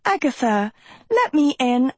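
A vain teenage girl coaxes and pleads in a high, breathy, sugary storybook voice, as a woman acts her out. Her tone is sweet and wheedling. The sound is close and dry. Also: very animated, normal speed, darkish tone, no echo. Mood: pleading.

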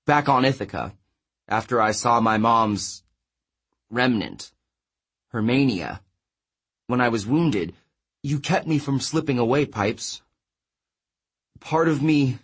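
A man's voice: medium pitch, animated, takes it slowly, pauses often, a bit bright, husky, full character voice. A man voicing a serious, worried teenage boy, speaking slightly above his narrating voice. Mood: earnest.

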